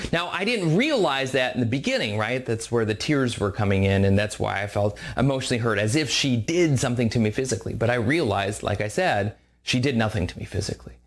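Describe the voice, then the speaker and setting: A man hosting a podcast, telling a personal story in a candid, reflective, conversational way. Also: medium pitch. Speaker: podcast host.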